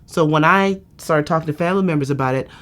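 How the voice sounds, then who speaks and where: A woman's voice: deep voice, fast talker. A woman giving a candid testimonial as a patient, telling her story in a chatty way and often saying "you know". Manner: lively, acts out quoted speech.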